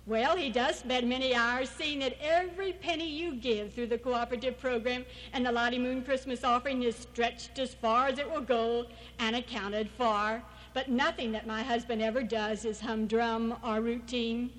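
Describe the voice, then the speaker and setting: A woman's voice: high voice, normal speed, fairly bright tone, poor audio. A woman giving an anecdotal church talk as a missionary speaker, storytelling and acting out the people she quotes.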